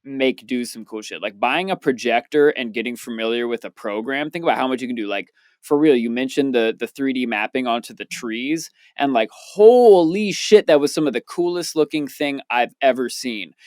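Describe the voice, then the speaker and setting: Young guy on a podcast, swears a lot, gets all hyped, smooth clean voice, dry sound. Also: mid-range voice, a little fast, hardly any pauses, dry recording. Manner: loose, profane, excitable storyteller. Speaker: podcast co-host, DJ. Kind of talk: casual podcast chat.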